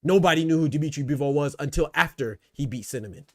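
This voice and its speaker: A man's voice: fairly high pitch, quick pace, a bit bright, dry recording, studio quality. A man hosting a casual livestream, arguing his points and answering chat, repeating phrases to press them home. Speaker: boxing talk show host.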